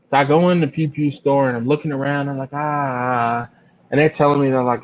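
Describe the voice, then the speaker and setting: A man hosting a casual live stream, telling stories and acting out other people's voices in a much higher pitch. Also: steady tone, brisk, slight background noise. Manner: storytelling, acts out other people with big jumps in pitch. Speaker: barbecue channel host. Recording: slightly dull lo-fi live stream.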